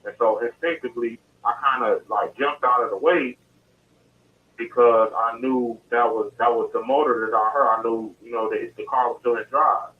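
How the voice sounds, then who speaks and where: A man's voice: mid-range voice, fairly even intonation, moderate pace, a little hiss or hum. A man recounts events to an interviewer in a casual, detailed way, often restarting and repeating his phrases. His voice sits in the middle range for a man. It comes through a tinny phone line, distant from the mouthpiece. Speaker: interview guest. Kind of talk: telling his story in detail. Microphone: phone call.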